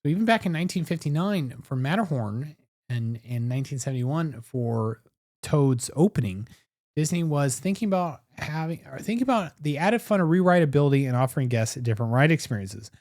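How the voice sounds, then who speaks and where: A man's voice: mid-range voice, darkish tone, no room sound. A man co-hosting a podcast, reading scripted history between bursts of playful banter on a close mic. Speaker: podcast co-host. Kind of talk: casual podcast chat with read narration.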